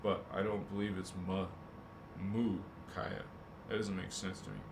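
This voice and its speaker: A man's voice: deep voice, flat delivery, a little slow, vocal fry, echoey room, background noise. A man hosting a spiritual livestream, musing aloud, joking and swearing as he sounds out a word. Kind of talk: rambling livestream chat.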